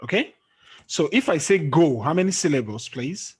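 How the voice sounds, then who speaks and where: Lively intonation and a breathy edge mark this man's slightly high voice as he teaches an online English lesson at a moderate pace. He is patient, asks quiz questions, and frequently says "okay?" on a screen-sharing call or recording.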